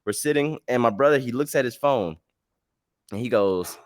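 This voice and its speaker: A man hosts a casual storytelling podcast, rambling through a story with slang and animated asides. His voice sits in a mid range. The recording is close and dry in a quiet room. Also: medium pitch, normal speed, dry recording. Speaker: podcast host.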